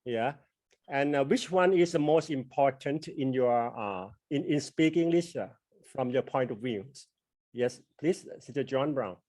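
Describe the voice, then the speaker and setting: A man hosting an online English class, asking his guest questions formally with many hesitant pauses. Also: medium pitch, lively intonation, a little mellow, dry recording.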